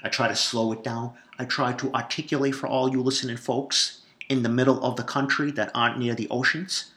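A man's voice: mid-range voice, level tone, brisk, a bit bright. A man with a Boston accent hosting a casual solo podcast, rambling and profane. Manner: profane, rambling, brash, jokey. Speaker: podcast host. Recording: echoey room.

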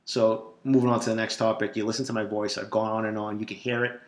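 A man's voice: on the low side, level tone, fast. Brash Boston-accented male podcaster, swears freely and rambles, recorded in an echoey room. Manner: profane, rambling, brash, jokey. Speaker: podcast host. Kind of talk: casual solo podcast monologue.

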